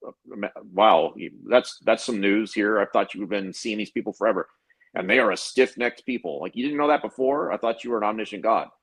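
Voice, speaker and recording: A low, husky-voiced man talks as a podcast co-host. He reads verses aloud and then answers them with sarcastic, animated asides in a loose, conversational way. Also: a little fast, low-quality recording. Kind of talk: casual critical discussion.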